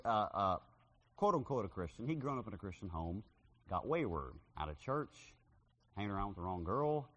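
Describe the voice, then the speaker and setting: A male preacher delivers a sermon with a lively, swooping delivery and a bright, forceful tone. His voice rings out with a long reverb, as if he is in a large hall. He slips into dramatic voices when retelling stories. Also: mid-range voice, husky. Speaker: street preacher. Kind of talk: sermon with personal story.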